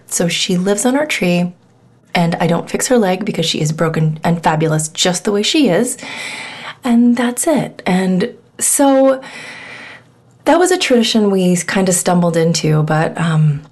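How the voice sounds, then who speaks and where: A woman's voice: medium pitch, expressive, unhurried, darkish tone. A middle-aged woman hosting a podcast, telling a personal story in a candid, chatty way and sometimes dropping to a whisper. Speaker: podcast host.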